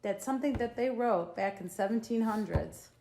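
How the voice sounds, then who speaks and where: A woman's voice: on the high side, normal speed, vocal fry, mellow, reverberant, slight background noise. Opinionated middle-aged Boston woman. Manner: opinionated, emphatic, repeats her points. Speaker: podcast guest, mother. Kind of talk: casual political chat.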